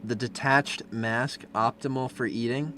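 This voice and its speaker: A young man streaming as he reviews fan art, chatting casually and breaking into loud, profane rants. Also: mid-range voice, fairly even intonation, unhurried, slight background noise. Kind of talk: live-stream commentary.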